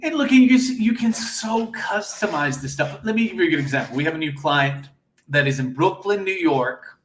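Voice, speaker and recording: A man's voice: a little high, lively intonation, normal speed, echoey room, a little hiss or hum. A man as an interview guest, talking enthusiastically and telling stories about his business. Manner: enthusiastic, storytelling. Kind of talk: casual interview.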